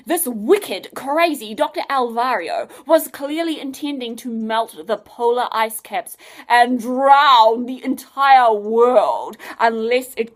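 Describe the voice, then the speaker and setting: Storyteller: a woman reading an adventure aloud, lively and playful, slightly high. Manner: expressive, with hushed whispers and playful asides.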